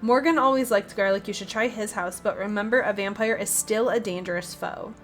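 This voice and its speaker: A woman's voice: medium pitch, brisk, a bit bright, soft background music, lightly acted. A woman voicing a boozy old retired male vampire hunter, reading his lines in a put-on Western or Southern drawl. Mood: gruff, cadging.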